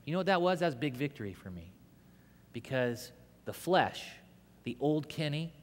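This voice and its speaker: Animated male preacher in an echoey hall. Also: fairly high pitch, normal speed, long pauses. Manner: animated storytelling, swinging from loud to hushed. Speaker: pastor. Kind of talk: sermon.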